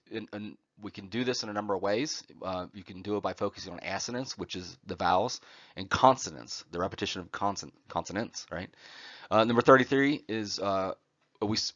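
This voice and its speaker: Male lecturer, low-ish voice, many "uh"s and "right?" checks, dry dull recording. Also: fairly bright tone, no room sound. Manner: frequent "uh" fillers and tag "right?". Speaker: college lecturer.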